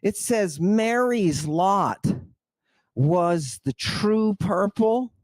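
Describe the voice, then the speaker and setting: Theatrical high-voiced male lecturer. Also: expressive, extremely slow, a little mellow, dry recording. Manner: theatrical, exclamatory, addresses listeners as a congregation. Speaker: lecturer on ancient texts. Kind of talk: livestream lecture.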